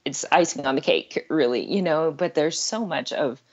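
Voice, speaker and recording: A woman's voice: sits low, moderate pace, highs cut off. A middle-aged woman talking earnestly and candidly as a guest on an interview podcast, laughing now and then. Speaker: life coach guest.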